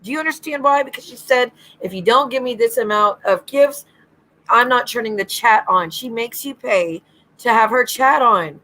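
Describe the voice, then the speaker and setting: A woman's voice: a little high, moderate pace, pushed and bright, rough recording. A woman hosting a livestream as a psychic medium, ranting bluntly and swearing freely.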